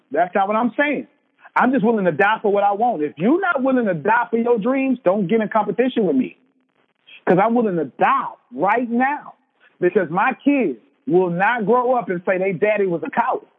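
Man, 30s, motivational speaker: high voice, preachy repetition, thin phone-like audio in a long-echo hall. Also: breathy edge. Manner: preachy, emphatic, repeats lines for effect. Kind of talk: motivational speech. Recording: tinny phone-like sound with long hall reverb.

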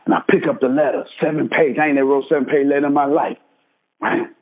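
A man in his thirties with a Texan accent speaks fast in a fairly high voice with fairly even intonation, his husky tone coming through a tinny phone line. Emphatically recounting his own life, he keeps his audience engaged with repeated asides such as "right?" and "check this out."

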